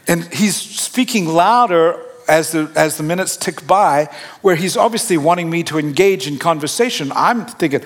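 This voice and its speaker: Preaching a sermon, this middle-aged pastor shares a self-deprecating personal anecdote in a chatty tone. His voice sits on the high side with lively intonation at a moderate pace, echoing with long hall reverb.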